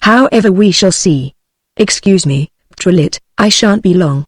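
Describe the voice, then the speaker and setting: A woman's voice: on the low side, a little slow, slightly rough, dry recording. Courteous magistrate guy, synthetic british woman reading, dry close sound. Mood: curious. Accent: British English. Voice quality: even synthetic delivery.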